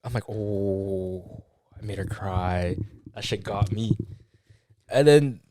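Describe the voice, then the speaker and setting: This time the young co-host's voice is fairly low and warm, and he takes it slowly, with a little hiss or hum under the recording. He tells a casual story full of swearing and fillers, acting out the quoted lines.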